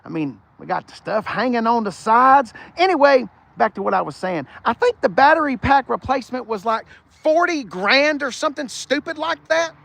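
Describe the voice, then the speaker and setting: A man's voice: very high voice, expressive, moderate pace, vocal fry, hardly any pauses, fairly bright tone. A man, hosting a rambling live-streamed car walkaround, chatting with viewers as he goes. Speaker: car show host. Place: outdoors on a car lot. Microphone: phone front camera.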